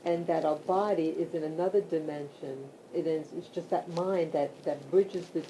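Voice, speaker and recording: A woman vlogging casually from her bed at home, talking slowly with many fillers and restarts. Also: deep voice, fairly even intonation, poor audio. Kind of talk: casual talk to camera. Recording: loud background hiss.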